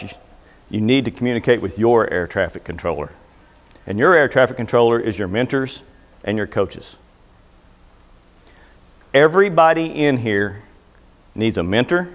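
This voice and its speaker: A man's voice: lowish voice, long reverb tail. A middle-aged man speaking to a seminar audience, talking casually and folksily with jokes and anecdotes. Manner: folksy, joking, conversational storyteller. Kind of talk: motivational seminar talk. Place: seminar room before a live audience.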